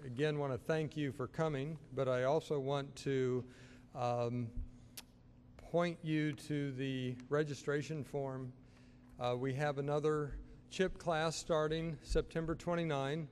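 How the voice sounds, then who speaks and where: Halting male physician in a reverberant hall. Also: fairly high pitch, fairly even intonation, darkish tone, slight background noise. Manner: halting, with many uhs. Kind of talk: closing announcements at a public health talk. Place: school auditorium. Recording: reverberant auditorium sound.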